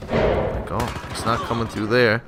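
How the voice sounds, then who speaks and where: A man's voice: mid-range voice, little pitch movement, unhurried, very noisy. A man, host of a gaming channel, talking casually over his own gameplay and swearing freely. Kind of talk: gameplay commentary.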